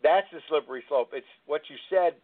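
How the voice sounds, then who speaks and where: Man, call-in show host, earnest and rambling, high voice, tinny lo-fi line. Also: brisk. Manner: rambling, earnest, repeats himself. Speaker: recovery talk show host. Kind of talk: call-in talk show storytelling. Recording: tinny phone-line sound.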